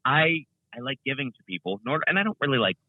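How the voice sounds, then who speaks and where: Speaking fast and expressively at a medium pitch, a young man chats as a guest content creator in a casual interview. He rambles, restarting often and leaning on fillers. The remote call sounds tinny and phone-like, and the recording is dry.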